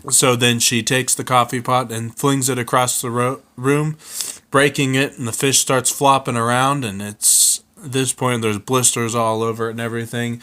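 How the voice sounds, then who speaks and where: A man improvising a comic story, halting with fillers and frequent throat-clearing. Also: mid-range voice, a bit bright.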